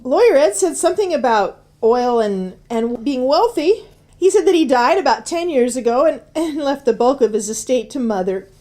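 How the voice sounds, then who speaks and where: A woman's voice: sits high, animated, normal speed, dark tone. An actress playing a flustered, stammering small-town woman in a comic radio soap.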